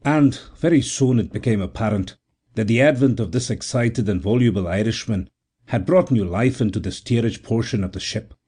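A man reading a novel aloud as narrator in a measured, unhurried way. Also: fairly low pitch, mellow, husky. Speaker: audiobook narrator. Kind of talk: scripted narration.

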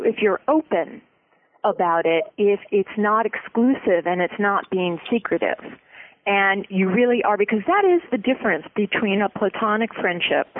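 A guest expert giving relationship advice in an interview, explaining in an earnest, steady way. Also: mid-range voice, no room sound. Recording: tinny phone-like line.

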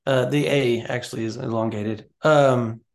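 A man's voice: mid-range voice, fairly even intonation, moderate pace, creaky. A man co-hosting a recruiting podcast, chatting casually and animatedly, often restarting his sentences. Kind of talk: casual sports chat.

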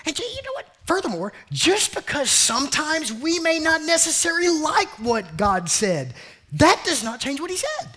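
A man's voice: extremely high pitch, sing-song, normal speed, sharp tone. A man preaching a sermon as pastor, repeating his points and calling his listeners family and beloved. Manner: repeats phrases, calls listeners family and beloved, acts out jokey quotes.

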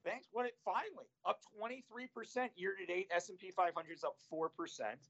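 A man who manages investments, talking about markets in an animated, exasperated way. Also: high voice, fairly quick, vocal fry, muffled recording. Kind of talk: casual finance chat.

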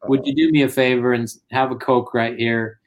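A man's voice: mid-range voice, fairly quick. A middle-aged man telling family stories in casual conversation, acting out what people said. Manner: animated anecdotes, acts out quotes. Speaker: guest. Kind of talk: casual storytelling.

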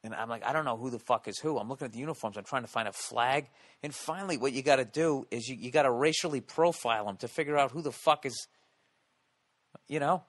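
An American man telling a comedic story and ranting, loud and animated, swearing constantly and tossing in rhetorical "okay?" asides. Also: medium pitch, fast talker. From United States. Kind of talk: profane comedic storytelling rant.

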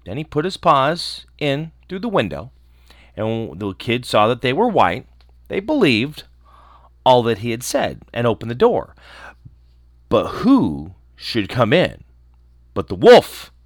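Brief: male story reader, unhurried and expressive, dry close mic. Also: medium pitch, no room sound. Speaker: podcast host and storyteller. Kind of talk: storybook reading.

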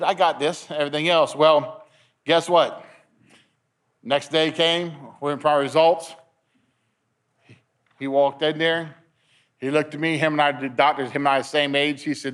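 Middle-aged man, testimony sermon, slightly higher voice, stumbling restarts. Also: steady tone, moderate pace, a bit bright. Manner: storytelling, acting out dialogue, many restarts. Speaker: men's meeting speaker.

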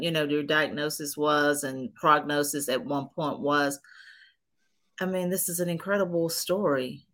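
Low, unhurried woman podcast host. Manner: warmly reactive, exclaims, reflective asides. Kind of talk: casual interview.

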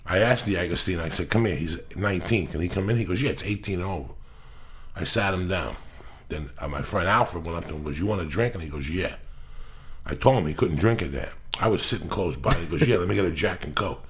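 A man hosting a casual podcast, telling profane, animated stories and acting out the quotes. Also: sits low, fast. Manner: profane storyteller, acts out quotes. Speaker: podcast host. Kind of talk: casual chat. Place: Los Angeles area.

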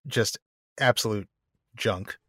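A man co-hosting a casual podcast, reading a book passage aloud slowly and grandly and joking between readings. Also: lowish voice, bright, forceful tone, husky, no room sound, studio quality. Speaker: podcast co-host and reader.

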